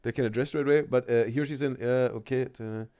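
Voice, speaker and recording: A man's voice: mid-range voice, fairly even intonation, quick pace, warm tone. A man hosting a live reaction stream, chatting loosely with viewers and thinking aloud as he talks. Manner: rambling, chatty, addresses chat viewers directly. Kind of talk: casual live-stream commentary.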